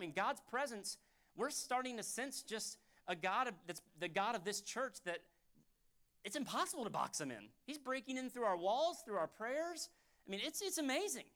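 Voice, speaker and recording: A pastor delivering a sermon in church, talking conversationally and fervently, dropping to a hush and then rising loud again. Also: male voice, high voice. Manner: fervent, conversational preaching that swings from hushed to loud.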